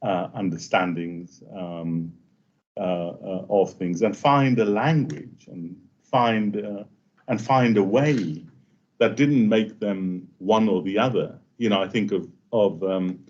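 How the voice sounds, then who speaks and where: A man giving a halting academic seminar talk, full of fillers and restarts, over muffled online call audio. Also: on the low side, darkish tone. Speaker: invited speaker.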